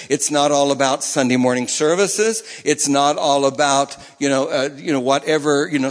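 A man's voice: fairly high pitch, long reverb tail. A man preaching a sermon in a conversational way, often repeating and restarting his phrases. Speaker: pastor.

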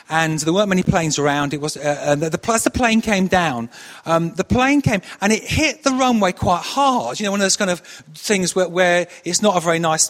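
A man's voice: high-pitched, fairly bright tone, big-room sound. A man preaching a sermon, telling stories in a conversational way with frequent restarts. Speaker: pastor.

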